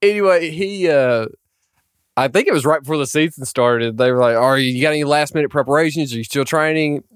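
A man's voice: fairly high pitch, fairly quick, clean tone, dry recording, studio quality. A man in casual sports chat, hesitant and restarting often, chuckling between thoughts.

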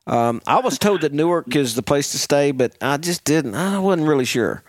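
A man co-hosting a podcast in casual chat, eager and quick to laugh. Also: fairly high pitch, expressive, dry recording, clean studio sound. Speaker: podcast co-host.

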